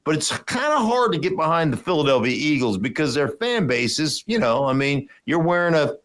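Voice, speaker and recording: Animated man telling sports stories. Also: brisk. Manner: animated storyteller, acts out voices in big jumps of pitch. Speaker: podcast host, former football player. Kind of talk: casual sports chat.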